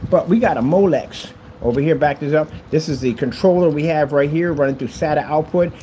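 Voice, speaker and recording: A man's voice: mid-range voice, dark tone, slight background noise, poor audio. A man casually walking through his custom PC wiring, chatty and boastful, with playful asides. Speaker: maker showing a custom PC build. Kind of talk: casual tutorial vlog.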